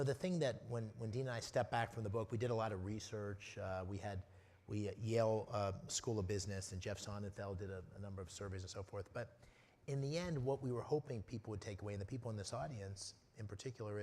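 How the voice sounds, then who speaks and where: A man with a low voice explains ideas from a convention stage, the sound ringing out in a long hall reverb. He speaks in a measured way, often restarting his sentences. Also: a little mellow. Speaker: panelist, author. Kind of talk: conference panel talk.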